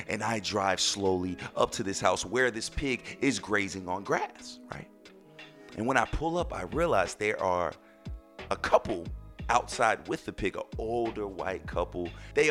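A man hosting a podcast, telling a story in an animated, exclaiming way. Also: mid-range voice. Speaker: podcast host. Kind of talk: casual storytelling.

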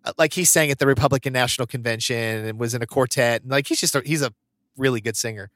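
A man co-hosts a podcast in relaxed, casual chat, telling funny stories and often breaking into laughter. His voice sits in a middle register, and the sound is dry and close. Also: mid-range voice, fast talker, dry recording. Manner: chatty storyteller, laughs often. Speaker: podcast co-host.

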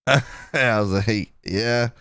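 A man's voice: mid-range voice, takes it slowly, fairly bright tone, clear, resonant tone, dry recording, studio quality. A man in his thirties, a podcast co-host, telling a long personal story in casual chat and laughing often as he goes. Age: 30s.

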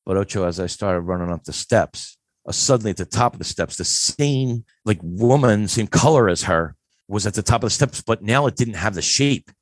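A man in his fifties from Philadelphia, telling a story in a casual, animated way and acting out the voices in it. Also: lowish voice, normal speed, no room sound, studio quality. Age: 50s. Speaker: guest.

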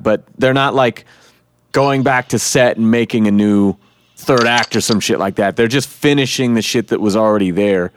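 A man's voice: medium pitch, smooth, no room sound. A man hosting a podcast in casual chat, rambling on and swearing freely. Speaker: podcast host.

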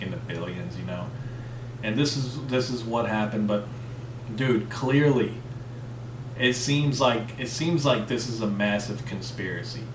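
A man's voice: on the low side, distant mic. A man hosting a podcast in a rambling, profane, conversational way, talking with a slight lisp. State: coughing. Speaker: podcast host. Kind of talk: casual solo podcast rant. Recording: roomy, off-mic, faint background noise.

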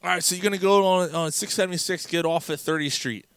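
A man's voice: sits high, fast, fairly bright tone, smooth, dry recording, voice pushed up. A man voicing a hot-tempered male shipping clerk who gives directions and swears. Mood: dismissive. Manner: exasperated, swearing.

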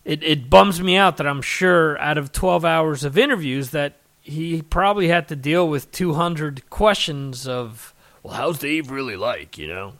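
A man's voice: fairly high pitch, unhurried, hardly any pauses, fairly bright tone. A man hosting a podcast, talking casually and at length with many fillers and restarts. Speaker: podcast host. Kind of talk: solo podcast commentary.

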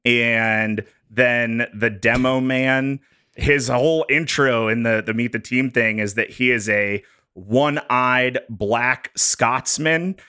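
A man on a podcast walking co-hosts through prepared bullet points in a jokey, animated way. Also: mid-range voice, takes it slowly, smooth. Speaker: podcast host presenting research. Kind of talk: casual podcast chat.

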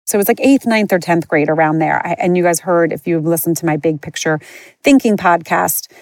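Woman podcaster, personal storytelling, lowish pitch, rambling candid delivery, dry room. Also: brisk, a little mellow, no echo. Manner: candid, rambling, many fillers and restarts. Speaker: podcast host. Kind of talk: personal storytelling, casual chat.

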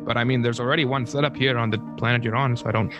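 A laid-back man runs a tabletop game, talking in a relaxed way with small hesitations and fillers. Music plays clearly behind him. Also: mid-range voice, rapid-fire, low-quality recording. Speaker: game master.

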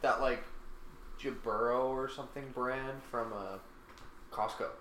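A man's voice: medium pitch, fairly even intonation, a little slow, a bit bright. Chatty joking man on a podcast. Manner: chatty, joking, swears casually. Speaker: podcast co-host. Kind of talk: casual chat. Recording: roomy sound with faint background noise.

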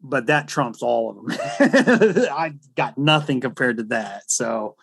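A man's voice: medium pitch, animated, slow, fairly bright tone, slightly rough, no echo. A man hosting a casual interview, laid-back and laughing easily, calling his guest "dude.". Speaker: podcast host.

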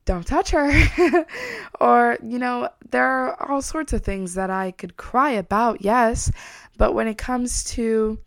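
An earnest woman talking through a motivational self-help monologue, reflective and open about herself. Her voice sits at an ordinary middle pitch. The sound is dry and close, with no room echo, and she leans on repeated phrases to press each point home. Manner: earnest, reflective, openly personal.

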